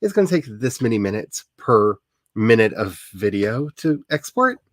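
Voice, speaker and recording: A man's voice: on the low side, sing-song, normal speed, no echo, studio quality. A man hosting a writing livestream, chatting casually in a rambling, self-mocking way, full of jokes and asides. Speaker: livestream host. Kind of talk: casual chat during a writing sprint stream.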